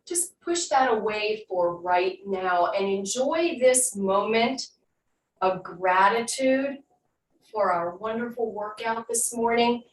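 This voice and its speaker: Woman fitness instructor, unhurried soothing cues, slightly off-mic in a roomy space with a faint hum. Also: medium pitch, far from the mic. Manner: calm guiding cues, then slow soothing breath work. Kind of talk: live online fitness class instruction.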